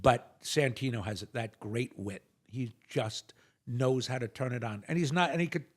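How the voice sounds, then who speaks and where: A man on a show as a guest, telling stories and jokes in animated conversation with big swings between loud and hushed. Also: medium pitch. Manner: animated joke teller, quick shifts between loud and hushed.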